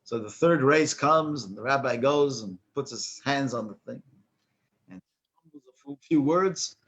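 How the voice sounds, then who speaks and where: In a muffled recording, a rabbi with a mid-range, fairly bright voice animatedly tells a joke and chuckles, then explains a prayer to his class. He keeps restarting sentences and leans heavily on fillers.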